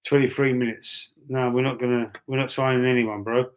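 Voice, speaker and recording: A Cockney man hosts a live stream, reading viewer comments and answering in a loose, rambling, matey way. He repeats words as he thinks aloud, at a middling pitch for a man. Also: level tone, a little fast, clean tone. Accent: London Cockney. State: breathy asthma-wheezy at times. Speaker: livestream host.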